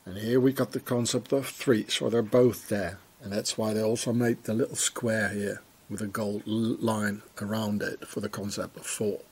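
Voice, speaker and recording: A man's voice: fairly low pitch, flat delivery, moderate pace, hardly any pauses, breathy edge. A man vlogging on a walk around town, rambling in a conspiratorial way as he points things out to a handheld camera. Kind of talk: walking commentary to camera.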